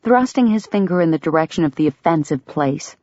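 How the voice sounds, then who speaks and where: A woman narrating an audiobook in an expressive storytelling manner. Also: low-pitched, fairly quick, no room sound. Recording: dull, dry lo-fi sound.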